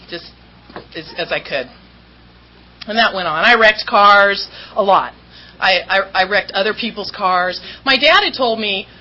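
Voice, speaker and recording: A woman's voice: mid-range voice, pushed and bright. A woman speaking at a recovery meeting, telling her story to the audience in a candid, self-mocking way and often laughing as she talks. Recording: slightly dull recording with faint background hum.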